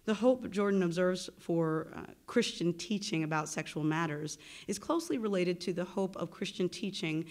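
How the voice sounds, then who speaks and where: A woman lecturing at a university, reading a formal academic paper in a measured way with occasional self-corrections. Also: on the low side, lively intonation, darkish tone. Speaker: visiting lecturer and research associate. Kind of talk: academic lecture read from a prepared text.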